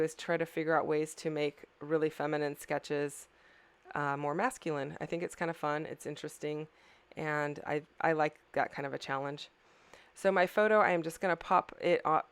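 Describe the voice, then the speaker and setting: A craft channel host, a tired middle-aged woman, talks casually through her scrapbooking process, rambling somewhat and correcting herself apologetically. Her voice is low and clean, with no room sound.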